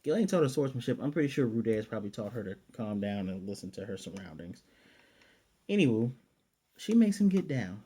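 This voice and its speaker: A man's voice: fairly low pitch, very animated, brisk, dark tone, breathy edge. A man casually recapping an anime episode, retelling scenes in paraphrased dialogue with chatty, self-correcting asides. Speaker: anime reviewer.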